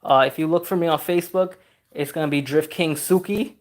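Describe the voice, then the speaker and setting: A man's voice: fairly high pitch, moderate pace. Casual livestream host: man in his thirties from Trinidad, chatty, laid-back, reads out viewer comments and laughs a lot. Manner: chatty and easygoing, reads viewer questions aloud, laughs often. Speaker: car customizing channel host.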